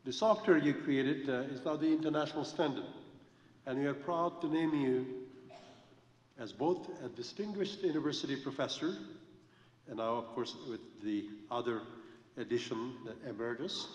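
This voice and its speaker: A man's voice: mid-range voice, moderate pace. A man presents an honorary degree at a ceremony, speaking formally with frequent hesitations. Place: large hall. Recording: distant, dull, echoey hall sound.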